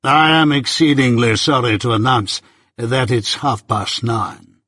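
Dry, measured older lawyer in a storybook reading, slow and formal, husky tone, as a male narrator puts him on. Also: mid-range voice, bright, forceful tone, no room sound.

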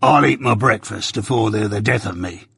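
Gravelly convict, gruff and wary, man putting him on, dry sound. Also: lowish voice, moderate pace, fairly bright tone, dry recording, full character voice. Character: rough old male convict, gruff, wary, hungry.

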